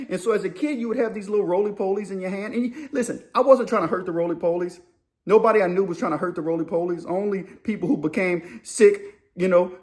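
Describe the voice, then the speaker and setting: A man telling a story in a casual, animated, rambling way, full of slang. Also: sits high.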